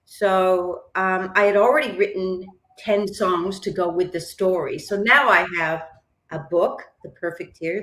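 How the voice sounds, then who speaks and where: A woman's voice: fairly low pitch, fairly bright tone, echoey room. A woman singer-songwriter and author, chatting as a podcast guest in a self-deprecating way and laughing often. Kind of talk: casual interview chat. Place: lives in Melbourne.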